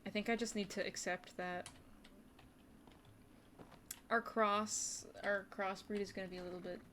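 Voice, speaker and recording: A woman streamer gives casual running commentary on a game, talking to her chat and now and then slipping into short whispered asides. Her medium-pitched voice is bright and forceful, steady and measured. Faint keyboard typing and slight background noise can be heard.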